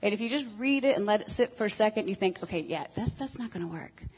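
Addressing a group of women, a woman gives a candid, self-deprecating talk about marriage, full of ums and uhs. Her mid-range voice is animated, husky, and fast, and the audio quality is poor.

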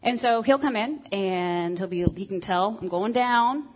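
A woman's voice: medium pitch, unhurried, low-quality recording. Frank self-mocking woman talking about marriage. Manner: frank, self-deprecating, with many ums and uhs. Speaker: speaker on marriage. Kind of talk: candid talk to a group of women.

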